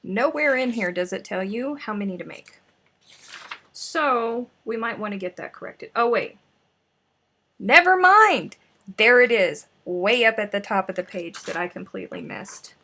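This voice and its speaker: Talking to herself as she searches for her notes, this woman hosts a crochet live stream in a chatty, scatterbrained way. She speaks at a moderate pace in a mid-range voice that's a bit bright.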